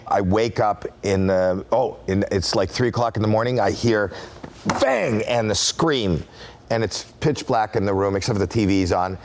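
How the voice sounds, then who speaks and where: Older guy with a lowish voice telling a wild story on an interview set, acting out everyone's lines, laughing a lot. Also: moderate pace, a little hiss or hum. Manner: animated, laughing, acts out quoted voices. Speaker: interview guest. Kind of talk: casual storytelling.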